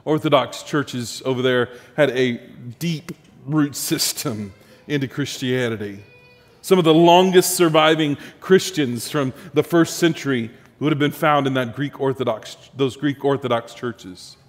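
A male pastor preaching a sermon, telling a story with rising emphasis and then dropping soft and low. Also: measured pace, big-room sound.

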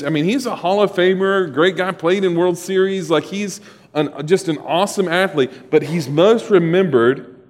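Joking pastor in a reverberant church. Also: male voice, fairly high pitch. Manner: joking, storytelling, talks to congregation. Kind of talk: sermon. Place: church sanctuary. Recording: long hall reverb.

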